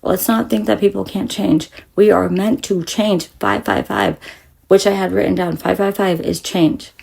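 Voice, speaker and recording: A woman giving a casual, profanity-laced spiritual pep talk, rambling and emphatic, sometimes dropping to a soft whisper. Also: mid-range voice, normal speed, vocal fry, breathy edge. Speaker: spiritual reader.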